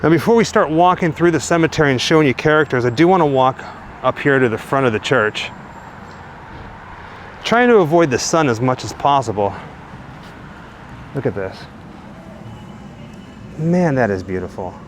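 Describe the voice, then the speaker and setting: A man's voice: medium pitch, lively intonation, moderate pace, pauses often. Man narrating an outdoor walking-tour vlog. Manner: enthusiastic, chatty guide. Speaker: travel vlogger. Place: outdoors in a cemetery by a busy road. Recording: outdoor street noise, passing traffic. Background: faint cars and trucks.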